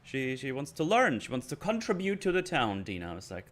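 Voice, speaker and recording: A man's voice: medium pitch, fairly quick. A man giving a casual, rambling rant reviewing a TV episode, hesitant and full of restarts. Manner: rambling, hesitant, animated quoting of scenes. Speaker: YouTube show reviewer.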